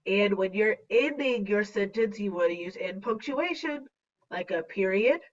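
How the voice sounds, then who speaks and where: A woman teaching a third grade lesson on a slideshow, speaking slowly and deliberately with a playful teacher manner. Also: mid-range voice, lively intonation. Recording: dull, distant lo-fi recording.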